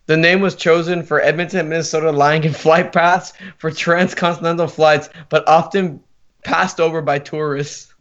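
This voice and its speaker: A man asking questions in a casual sports podcast, halting with fillers. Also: on the high side, fairly even intonation, fairly bright tone, highs cut off. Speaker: podcast co-host.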